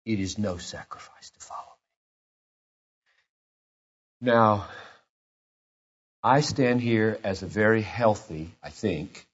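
A man in his fifties preaching a sermon, retelling scripture quietly and then building to shouted passion. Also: on the low side, slow, pauses often, slightly rough, highs cut off. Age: 50s. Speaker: pastor.

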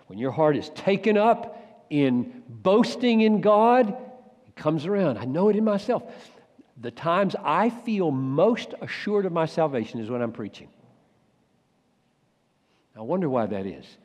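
Male preacher, warm and mellow, rising to urgent bursts and dropping to hushed asides, long hall reverb. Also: on the high side, very animated, normal speed. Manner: swings from loud urgent bursts to hushed near-whispers. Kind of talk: sermon.

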